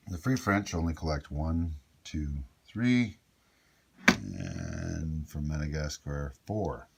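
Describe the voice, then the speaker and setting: A man's voice: sits low, a little mellow, slightly rough. A man casually talking through a board game turn, thinking aloud with chatty asides. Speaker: board game player explaining a solo playthrough. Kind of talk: casual tabletop game walkthrough.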